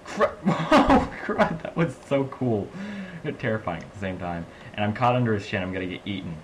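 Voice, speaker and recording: Excitable young man narrating gameplay. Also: lowish voice, moderate pace, slight background noise. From American South. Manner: excitable, laughing, swings from mumbling to yelling. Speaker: gaming channel host. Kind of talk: let's play commentary.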